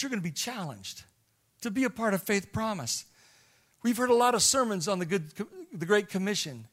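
High-voiced man preaching a sermon. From Illinois. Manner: storytelling, swings from hushed to shouting. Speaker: missionary preacher.

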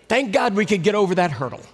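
American male preacher, animated storytelling, fairly high voice, echoey church. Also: husky. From United States. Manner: animated storyteller with sudden loud swings. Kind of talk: sermon storytelling. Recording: echoey hall reverb.

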